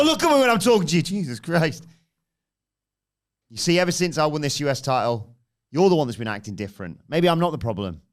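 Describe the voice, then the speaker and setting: A man puts on a fired-up, defiant wrestler, his delivery punchy and confrontational, his pitch leaping around. He presses his words hard, like a wrestling promo. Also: natural voice. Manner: confrontational, punchy, rising to a shout. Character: a fired-up, defiant male wrestler challenging a rival.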